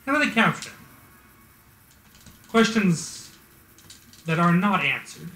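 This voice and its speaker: A man runs through a game with offhand, joking commentary. His voice is a little high and bright. Noticeable room echo hangs around it. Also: big pitch swings, takes it slowly. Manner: jokey, offhand, mocks the plot. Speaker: speedrunner. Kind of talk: gameplay commentary.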